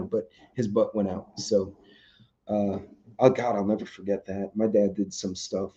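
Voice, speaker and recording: A man's voice: on the low side, steady tone, moderate pace, dark tone. A man hosting a casual live stream, chatting loosely with viewers and reading their comments, rambling with lots of ums. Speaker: livestream host. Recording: dull lo-fi stream audio.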